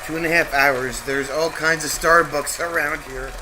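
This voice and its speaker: A man co-hosting a casual livestream cheerfully reads viewer comments aloud and chats in an animated way. His voice is a little high at a moderate pace, with a noisy background.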